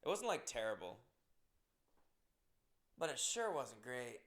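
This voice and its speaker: Gravelly, self-deprecating comedian man. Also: mid-range voice, very animated, takes it slowly, fairly bright tone. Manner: rambling, self-deprecating, swears often. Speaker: comedian and podcast host. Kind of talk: casual podcast monologue.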